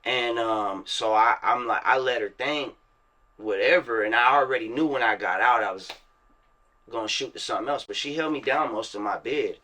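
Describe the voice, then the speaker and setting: A man's voice: medium pitch, moderate pace, sharp tone. A man from the American South, a rapper telling his story as an interview guest in casual, profane street slang, acting out other people's words. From Virginia and Florida, USA.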